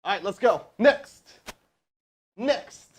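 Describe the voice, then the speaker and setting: A man teaching cold calling on a live stream, energetic and joking as he talks to his chat. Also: on the high side, moderate pace. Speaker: sales trainer. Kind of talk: live teaching session with role-played calls.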